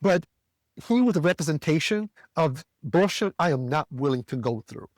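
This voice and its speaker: Profane, animated man ranting. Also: moderate pace, no room sound, studio quality. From American South. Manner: animated, profane, jumps into higher voice when quoting himself. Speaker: podcast co-host. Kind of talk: casual storytelling rant.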